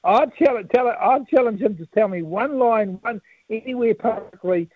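A man's voice: sits high, moderate pace, dry recording. New Zealand man on a tinny phone line. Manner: rambling, laughs often, lots of fillers. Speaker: politician guest, campaign director. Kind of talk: phone-in radio interview.

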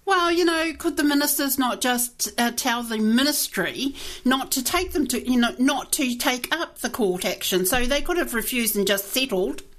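A woman's voice: high-pitched, animated, moderate pace, fairly bright tone. A woman hosting a radio interview, blunt and forthright in challenging her guest. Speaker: radio host.

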